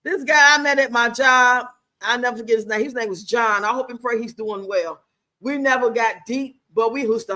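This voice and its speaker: A woman's voice: fairly high pitch, sharp tone. A woman, telling sassy personal stories casually to viewers in a livestream chat. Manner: sassy, laughing, talks back to viewers. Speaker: livestream host. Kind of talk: casual storytelling to a live chat.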